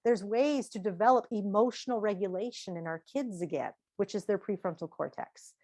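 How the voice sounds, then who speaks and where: A middle-aged woman speaking at a parenting seminar, lively, asking the audience questions and acting out quotes. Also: mid-range voice, normal speed, no echo, clean studio sound.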